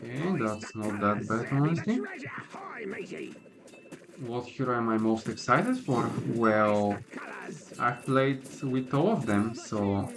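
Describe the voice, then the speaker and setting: A man's voice: medium pitch, expressive, slow, pauses often, crowd noise. A man giving casual, opinionated livestream commentary while he plays, with a laid-back manner and lots of filler words. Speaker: gaming livestreamer.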